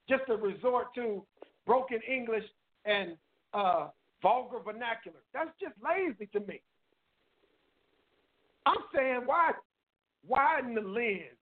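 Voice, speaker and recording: A man calls in to a radio talk show and makes his point in an earnest, preachy way, returning again and again to the same catchphrase. His voice is very high for a man. It comes through a tinny phone line. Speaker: caller and guest. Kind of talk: casual call-in radio talk.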